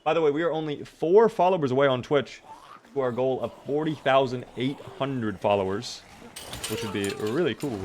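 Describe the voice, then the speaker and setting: A man's voice: medium pitch, moderate pace, noisy background. A tired young man streaming a survival game, chatting casually and thanking viewers by name. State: tired, yawning. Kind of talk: casual live-stream commentary.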